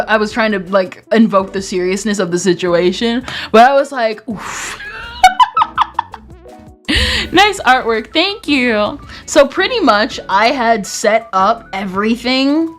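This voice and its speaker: A woman's voice: a little high, fairly bright tone. A young woman streamer with a slight Southern twang, chatting casually and laughing often, sometimes stuttering and restarting. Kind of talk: casual chat.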